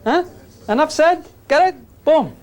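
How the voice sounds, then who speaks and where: A man's voice: extremely high pitch, lively intonation, a little slow. A man teaching physics to a class, joking and coaxing the students while he demonstrates. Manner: jokey, coaxing, calls students gang.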